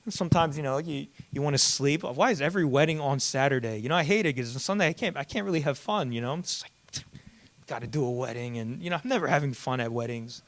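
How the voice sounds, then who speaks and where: A man's voice: on the high side, lively intonation, fast talker. A man in his thirties preaching a sermon as pastor, talking casually with slang, fillers and many restarts.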